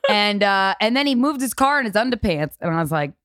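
Woman, podcast co-host, casual chat, brash storyteller, middle pitch, dry close sound. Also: big pitch swings, a little fast, fairly bright tone, clean tone, dry recording. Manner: brash, storytelling, swears freely, laughs often.

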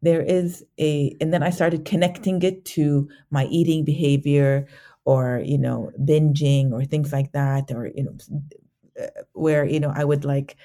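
A woman guest in an interview, reflecting candidly on a personal journey, halting often with restarts and fillers. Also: low voice, dark tone.

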